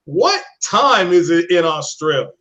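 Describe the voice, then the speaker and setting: A man hosting a casual live-streamed podcast, upbeat and full of shout-outs to his chat. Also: sits high, big pitch swings, a little slow. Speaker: podcast host. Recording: muffled lo-fi stream audio.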